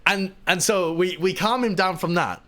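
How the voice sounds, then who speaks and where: A man's voice: sits high, normal speed, fairly bright tone. A man telling a rambling, laughing story to his live stream audience.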